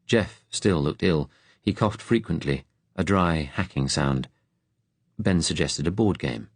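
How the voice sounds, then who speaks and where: Deep-voiced male audiobook narrator. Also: husky, dry recording. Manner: steady, measured, serious. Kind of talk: scripted narration.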